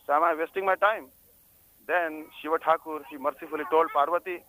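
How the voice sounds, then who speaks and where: A man's voice: a little high, fairly even intonation, brisk, bright, forceful tone, low-quality recording. A man giving a spiritual discourse, telling stories and often checking in with listeners with a questioning "hmm?". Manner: storytelling, frequent "hmm?" prompts to listeners. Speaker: religious speaker. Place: on a pilgrimage journey.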